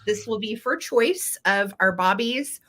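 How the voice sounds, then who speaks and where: Bright-voiced woman hosting a live sale. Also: mid-range voice, animated, unhurried. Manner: chatty, playful, laughs often. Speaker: host of a live vintage sale.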